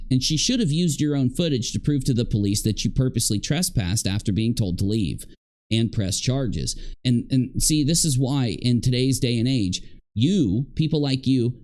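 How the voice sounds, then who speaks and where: A man's voice: mid-range voice, a little mellow. A man commenting on a replayed livestream, scolding the people in it in an indignant way.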